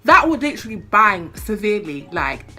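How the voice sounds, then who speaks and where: A young woman rants to her camera, her voice swooping high and low as she gets worked up. Her tone is bright and sharp, and faint music plays behind her. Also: big pitch swings, normal speed, slightly rough. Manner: impassioned, swearing, fired-up ranting. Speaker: vlogger. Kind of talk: casual opinion rant to camera.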